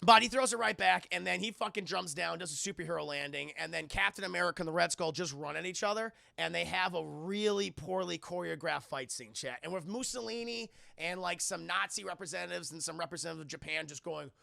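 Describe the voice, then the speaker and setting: Gravelly, excitable man recapping a movie. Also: high-pitched, dry recording, studio quality. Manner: profane, excitable, acts out scenes in quick funny voices. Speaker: movie reviewer streaming to chat. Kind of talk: animated spoiler recap with chat.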